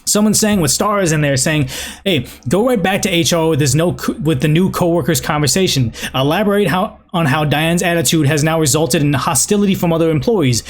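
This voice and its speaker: A man's voice: on the high side, fairly quick. A man with a Boston accent hosts a show where he reads online stories aloud, then gives rambling, opinionated commentary full of restarts. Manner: rambling, many restarts and fillers. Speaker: host reading and judging online stories.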